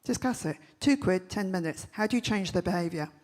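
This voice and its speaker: A woman giving a comic keynote talk on stage, telling punchy stories with quick, brash jokes. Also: fairly low pitch, expressive, darkish tone. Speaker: festival speaker. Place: large event stage.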